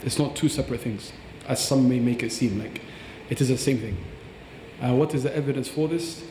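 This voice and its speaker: A man's voice: mid-range voice, fairly quick, warm tone, roomy sound, big-room sound, slight background noise. A man teaching about Quran recitation on a podcast, earnest and explanatory, demonstrating pronunciations aloud.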